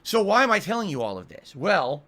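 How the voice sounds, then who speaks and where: A man talks straight into his desk mic in a home office, complaining and swearing. His voice sits a touch high and comes across bright and sharp, and his exasperation keeps the delivery lively. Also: brisk. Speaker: streamer. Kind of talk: ranting stream monologue.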